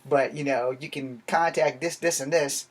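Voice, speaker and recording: A man's voice: a little high, fairly even intonation, moderate pace. A man from Virginia talking straight to his viewers in a rambling, profane rant, blunt and heated. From Virginia, USA. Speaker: vlogger. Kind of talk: casual ranting monologue.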